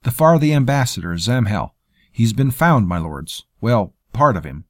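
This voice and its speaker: A man voices a common soldier, a sergeant speaking with deferential urgency. His mid-range, slightly mellow voice swings widely in pitch at a normal speed, pitched above his own natural voice yet close to an everyday one. The recording is studio quality with no echo.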